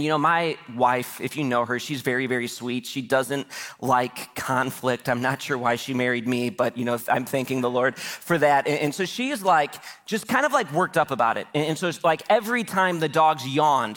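A man's voice: on the high side, moderate pace, fairly bright tone. A man, the pastor, telling a personal story during a church sermon, quoting the people in it himself. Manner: anecdotal, quotes others in his own voice.

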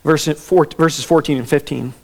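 Man, pastor, sermon, conversational with fillers, slightly high pitch. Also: steady tone, moderate pace, creaky. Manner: conversational preaching with fillers and asides.

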